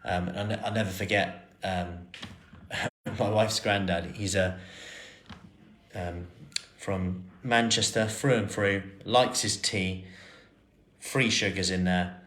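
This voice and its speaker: A man in his thirties, a personal trainer chatting through viewer questions on a live stream, relaxed with plenty of fillers and restarts. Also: deep voice, takes it slowly, pauses often.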